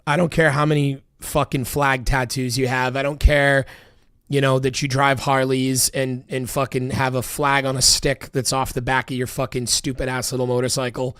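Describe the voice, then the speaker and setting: A man's voice: medium pitch, a bit bright, no echo, clean studio sound. A man delivering a heated, profanity-laced political rant, emphatic and repetitive. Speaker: political commentator.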